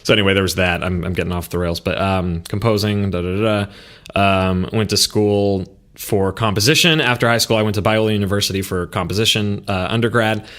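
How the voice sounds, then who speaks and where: Man, Southern California, low-pitched, casual podcast guest, self-deprecating, rambling. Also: fairly even intonation, fairly quick, a bit bright. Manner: rambling and self-deprecating, with frequent fillers and laughs. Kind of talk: casual interview chat.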